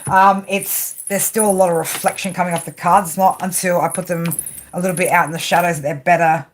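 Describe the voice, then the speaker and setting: Low-voiced, chatty tarot reader. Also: female voice, fairly even intonation, a little fast, slight background noise. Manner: chatty and rambling, swears casually. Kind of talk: casual livestream card reading. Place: home, at a table under a lamp.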